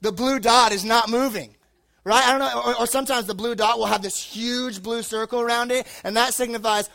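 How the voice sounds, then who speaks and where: A young male preacher with a notably high voice speaks to a live crowd. He tells a loose, joking story and leans heavily on filler words as he rambles toward his point. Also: fairly even intonation, fast talker, bright, forceful tone. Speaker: youth preacher. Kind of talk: casual sermon with personal story. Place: live talk before an audience.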